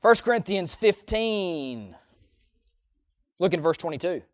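A man's voice: high-pitched, lively intonation, takes it slowly, no room sound. A man preaching a sermon in a folksy, emphatic style, with sarcastic asides to his congregation, on a dull lo-fi recording.

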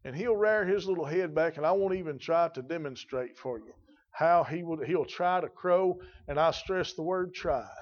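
A man's voice: fairly high pitch, moderate pace. Folksy man preaching a sermon, muffled. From rural. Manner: folksy, emphatic preaching with rising and falling intensity.

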